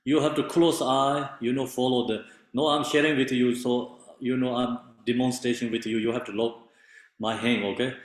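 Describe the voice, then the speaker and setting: A man teaching meditation in halting non-native English with many fillers, explaining patiently. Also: mid-range voice, fairly even intonation. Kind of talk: meditation instruction. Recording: very echoey room.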